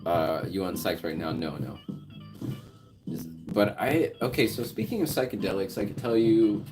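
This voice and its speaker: A man's voice: low voice, normal speed, over music. A man livestreaming, chatting loosely and profanely with his viewers, laughing often. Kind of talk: casual livestream chat.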